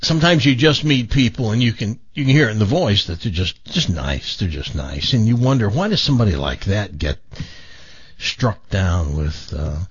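A man's voice: fairly low pitch, lively intonation, moderate pace, husky, no room sound, highs cut off. A male radio talk show host chatting on air in a reflective, rambling way, full of restarts. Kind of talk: casual on-air chat.

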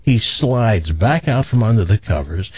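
Male morning-show host, lively storyteller, dry muffled booth sound. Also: lowish voice, measured pace, husky, dry recording. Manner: animated storyteller, acts out characters. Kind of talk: joke telling on morning radio.

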